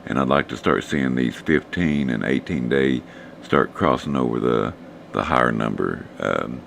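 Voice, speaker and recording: Very deep hoarse man. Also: a little slow, a little hiss or hum. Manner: relaxed, rambling, talks to chat viewers. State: losing his voice, hoarse. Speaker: stock trading streamer. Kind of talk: casual live stream commentary.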